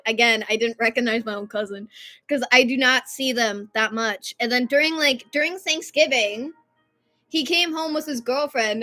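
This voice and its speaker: Bright, chatty young woman streamer. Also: fairly high pitch. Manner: chatty and rambling, loud at times. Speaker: live-stream host. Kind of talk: casual live-stream chat.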